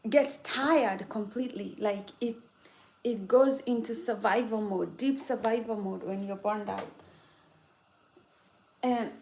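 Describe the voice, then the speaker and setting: A woman's voice: a little high, reverberant, noisy background. A woman vlogger in a casual, playful chat, repeating her phrases as she talks at home in the kitchen.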